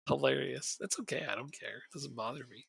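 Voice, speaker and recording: A man's voice: medium pitch, vocal fry, pushed and bright, breathy edge, no echo. A man streaming a game, chatting casually and joking with a lot of laughter. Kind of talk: casual gaming chat.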